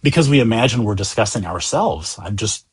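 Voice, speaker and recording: A man from the United States, a Zen teacher talking as a guest in a gentle, earnest, reflective way. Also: on the low side, a little fast, breathy edge. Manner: earnest, gentle, animated, often voicing inner thoughts. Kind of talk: reflective conversation.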